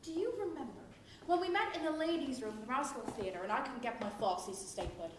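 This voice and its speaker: An actress on a stage playing a lively woman who reads out a chatty, gushing letter from England. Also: sits high, fast. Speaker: stage actor. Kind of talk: stage play reading a letter aloud. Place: theatre stage. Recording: echoey theatre, from far off, faint noise.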